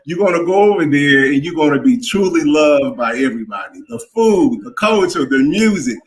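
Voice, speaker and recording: A man's voice: fairly high pitch, lively intonation, normal speed, rough recording. A man in his fifties calling into a live stream, talking earnestly and emotionally, often stammering and repeating words. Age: 50s. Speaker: caller.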